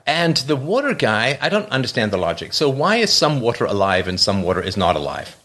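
A man talking casually with a co-host about a film, joking and sarcastic about how little sense it makes. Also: fairly quick. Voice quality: lively pitch, jokey and sarcastic about film logic. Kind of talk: casual chat.

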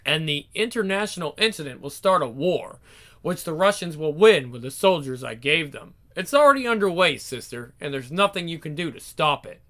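A man's voice: a little high, lively intonation, fairly bright tone. A man voicing a scheming, resentful young male villain who taunts his sister in a story. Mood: gloating. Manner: sneering, taunting, drawn-out delivery.

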